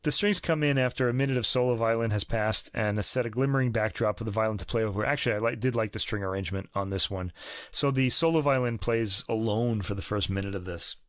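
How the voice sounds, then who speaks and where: A man's voice: on the low side, fast, a bit bright, no room sound. Chatty opinionated man, dry sound. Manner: chatty, jokey, opinionated, with lots of fillers. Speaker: podcast co-host. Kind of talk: casual music review chat. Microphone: podcast microphone.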